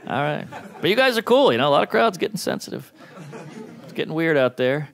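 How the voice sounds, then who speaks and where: A man in his thirties doing a stand-up comedy set, delivering deadpan one-liners and quick acted-out quotes. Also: fairly high pitch, creaky. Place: comedy club stage. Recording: live club recording with crowd noise. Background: audience laughing.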